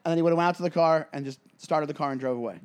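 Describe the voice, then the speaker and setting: High-voiced animated man chatting. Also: very fast, clear, resonant tone. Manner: animated, acts out scenes with voices, many fillers. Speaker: podcast co-host. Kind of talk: casual comedic chat.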